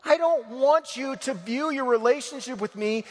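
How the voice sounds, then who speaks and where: A man's voice: extremely high pitch, normal speed, long reverb tail, voice pushed up. A man voicing Jesus, earnest and pleading, repeating each appeal with rising emphasis. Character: Jesus speaking lovingly to a listener, male adult.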